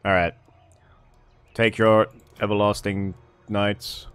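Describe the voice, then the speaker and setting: A man's voice: on the low side, flat delivery, takes it slowly, clean tone, no room sound, soft background music. A man giving casual commentary as he plays a strategy game, thinking aloud and swearing under his breath. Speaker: gameplay streamer. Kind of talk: casual let's-play commentary.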